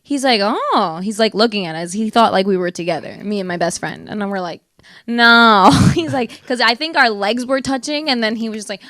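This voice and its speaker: A woman's voice: mid-range voice, expressive, a little fast, hardly any pauses, fairly bright tone, no room sound, studio quality. A young woman co-hosting a podcast, telling a story in casual chat, acting out quotes and laughing often. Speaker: podcast co-host.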